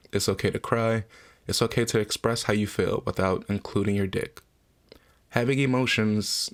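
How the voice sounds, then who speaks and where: A podcast host in his twenties talks through a personal story in an open, emotional way. His voice sits low with a gravelly edge. He talks casually and swears freely as he goes. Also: a bit bright.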